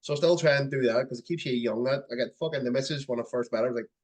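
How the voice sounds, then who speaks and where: A man in his thirties hosting a podcast in a quick, chatty way. He encourages his guest and swears casually as he talks. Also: medium pitch. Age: 30s. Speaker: podcast host. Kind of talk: casual conversation.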